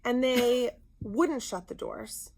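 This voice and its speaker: A woman co-hosting a podcast, telling a story in casual chat, animated and indignant. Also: on the high side, takes it slowly. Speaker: podcast co-host.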